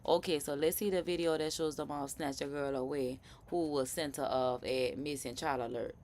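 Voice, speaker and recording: A woman with a New Orleans accent hosting a live stream, reacting to news clips in slangy, animated, casual chat. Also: sits low, moderate pace, background noise. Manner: animated, chatty, slangy, laughing asides.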